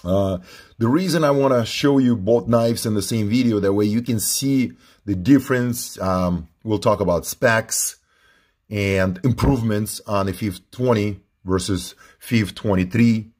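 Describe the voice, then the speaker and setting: Low-voiced man reviewing knives. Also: unhurried, darkish tone. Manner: informal, repeats himself while handling the knife. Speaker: knife reviewer. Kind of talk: casual product review.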